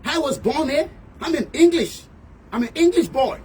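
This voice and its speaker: A man putting on an indignant English-born man, high and insistent. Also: lively intonation, normal speed, darkish tone, distant mic.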